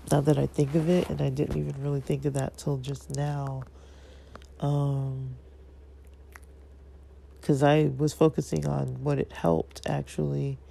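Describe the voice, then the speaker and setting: Gravelly, hesitant vlogger with a stuffy nose. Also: mid-range voice, mellow, slight background noise. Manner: hesitant, rambling, many fillers. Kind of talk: casual reflective monologue.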